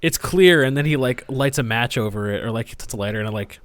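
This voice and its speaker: A man's voice: mid-range voice, lively intonation, fast talker, no echo. Guy on a podcast, jokey and playful, voice bounces all over, dry close sound. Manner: playful, jokey, with bursts of laughter and gamer slang. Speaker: podcast co-host. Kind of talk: casual podcast chat.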